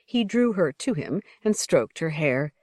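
A woman narrating an audiobook in an even, measured reading. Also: sits low, dry recording, clean studio sound.

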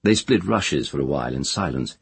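A man narrating an audiobook in a measured, expressive storytelling manner. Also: rumbling low, vocal fry, slightly rough, no echo.

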